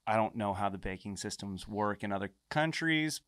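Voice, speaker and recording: A man guest on a podcast, telling a story in a casual, animated way and swearing freely as he acts out the lines of others. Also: on the low side, normal speed, clean tone, dry recording, studio quality.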